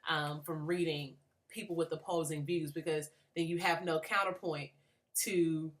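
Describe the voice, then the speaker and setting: Low-pitched young woman, grad student, reflective and halting, many fillers. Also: steady tone. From Atlanta. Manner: thoughtful, many fillers and restarts. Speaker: graduate student. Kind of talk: reflective book response.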